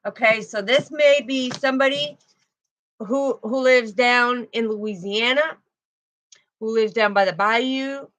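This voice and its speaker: A woman's voice: fairly high pitch, takes it slowly, a bit bright. A woman giving a casual spiritual tarot reading, rambling and often tagging her lines with "right?" and "okay.". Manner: repeats words when restarting. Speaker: intuitive tarot reader.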